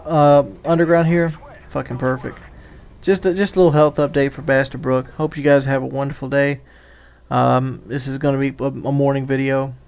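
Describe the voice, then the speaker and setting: A man's voice: medium pitch, gravelly, darkish tone, clear, resonant tone. A man doing casual gaming commentary, talking loosely with restarts and repeated words.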